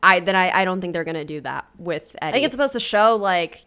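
A woman's voice: medium pitch, expressive, fairly quick, few pauses, sharp tone, smooth. A woman in her twenties giving casual commentary on a TV show, chatty and blunt, swearing freely and laughing often. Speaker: YouTuber.

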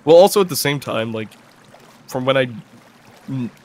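A man's voice: medium pitch, expressive, normal speed, dark tone. A young man of twenty-one chatting casually while playing a video game, rambling, swearing and laughing often. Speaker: gameplay video player. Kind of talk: casual gameplay chat.

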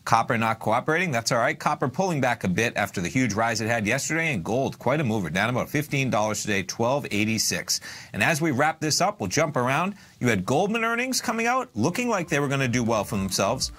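A man hosting a live market news update, reading prices in brisk, casual broadcaster patter with a dry sarcastic edge. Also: medium pitch, very animated, fairly bright tone.

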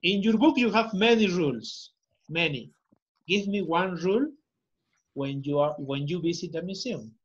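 A patient male teacher talks slowly to young learners and repeats each prompt to coax answers. His voice is a little husky and the sound is muffled, like lo-fi call audio. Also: sits high, animated. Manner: slow, repeating prompts, coaxing. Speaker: English teacher. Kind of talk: online class teaching children.

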